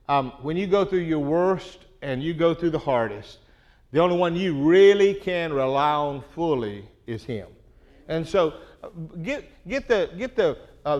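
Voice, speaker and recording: A middle-aged man preaches in a plain, conversational style, earnest and direct with his listeners. His voice sits slightly high for a man. He often pauses to check in with a quick "okay?". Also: muffled recording. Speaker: pastor. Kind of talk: sermon.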